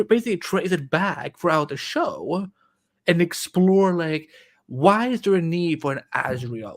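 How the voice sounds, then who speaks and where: A man co-hosting a casual pop-culture chat show, rambling in quick bursts. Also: on the high side, a bit bright. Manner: rambling, fast bursts with many fillers and restarts. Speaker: co-host.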